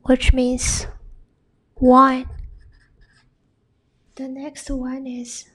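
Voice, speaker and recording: Slow whispering woman teaching softly. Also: high-pitched, monotone. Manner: slow, soft and breathy, with many repeated words. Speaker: ASMR Spanish teacher. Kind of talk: whispered ASMR lesson.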